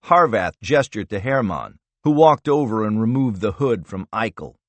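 A man reading a thriller audiobook in an expressive, measured narration style. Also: fairly low pitch, no room sound.

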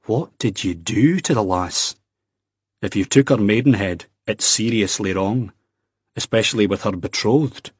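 A man's voice: lowish voice, measured pace, breathy edge, dry recording, studio quality. A man doing a blunt, teasing young Scot. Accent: Scottish.

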